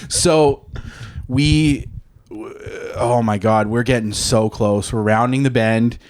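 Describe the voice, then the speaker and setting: A man's voice: medium pitch, fairly even intonation, takes it slowly, darkish tone. A man in his thirties from Canada, hosting a podcast and telling a story in casual, profane chat, acting out the quotes. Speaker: podcast host.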